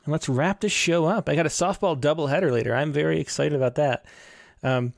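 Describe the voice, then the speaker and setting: A man with a gravelly, fairly high voice hosts a podcast in a casual, rambling way, full of ums and restarts. The sound is close and dry. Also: brisk, no echo. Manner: rambling, with many fillers. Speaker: podcast host.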